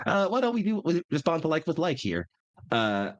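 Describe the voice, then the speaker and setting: Lively-voiced man running a mech game. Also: a little high, moderate pace. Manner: apologetic, fixing tech while narrating. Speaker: game master. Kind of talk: narrating a tabletop mech game.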